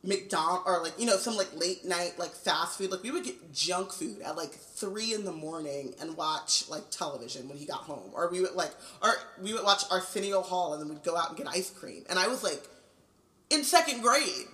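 Bright-voiced chatty woman. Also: lowish voice, lively intonation, normal speed, reverberant, rough recording. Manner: chatty, says "like" constantly, laughs often. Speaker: podcast co-host. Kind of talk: casual chat and book reading.

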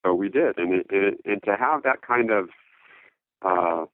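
A man's voice: fairly low pitch, no room sound. Man on a tinny phone line. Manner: halting, many fillers and restarts. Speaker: interview guest, note investor. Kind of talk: casual interview talk.

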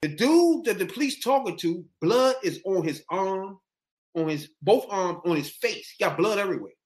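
Animated storytelling man, lively pitch. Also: normal speed. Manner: animated, profane, slangy, acts out quotes. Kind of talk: casual chat, storytelling.

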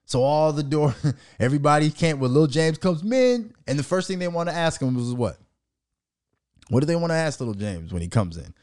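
A man from Minnesota hosts his own show, riffing in a loose, profane, mocking rant. His pitch sits a touch high and leaps around a lot as he gets worked up. He laughs often between jabs. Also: big pitch swings, normal speed, darkish tone, dry recording, studio quality. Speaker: show host. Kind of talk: casual solo rant.

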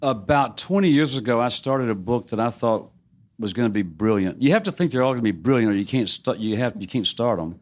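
A man's voice: mid-range voice, lively intonation, a little fast. A middle-aged man, a novelist telling wry, self-deprecating stories in a casual onstage conversation. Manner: wry storytelling, laughs at himself. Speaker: novelist on a panel.

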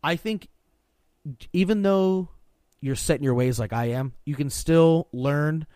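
A man's voice: a little high, measured pace, a little mellow, clear, resonant tone, no room sound. A man in his thirties co-hosting a podcast in casual chat, blunt and profane, often restarting his sentences. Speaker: podcast co-host.

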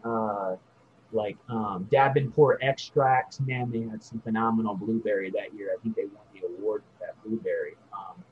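A man's voice: mid-range voice, slight background noise. Man, casual storyteller, laid-back, rambling, dull lo-fi recording, faint ambience. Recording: dull lo-fi audio.

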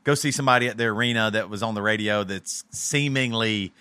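Fast, bright-voiced male host. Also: on the low side, clean tone, no room sound. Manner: animated, tells stories with quoted asides. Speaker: podcast host. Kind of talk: casual chat.

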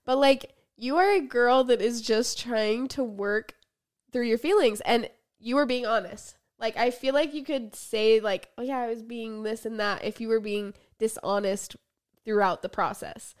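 A woman's voice: on the high side, a little slow, smooth. A young woman co-hosting a podcast, reacting with playful teasing and frequent laughs in casual chat. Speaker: podcast co-host.

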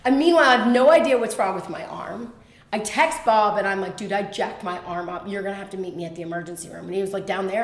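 A woman with a fairly high voice tells a personal story. She is animated and quick, with plenty of fillers. The room around her sounds echoey. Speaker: podcast guest.

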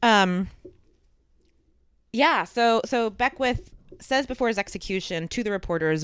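A man's voice: sits high, animated, measured pace, long pauses, a bit bright, clean tone, dry recording. A man hosting a podcast, telling a true crime story with dry asides and fillers. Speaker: podcast host.

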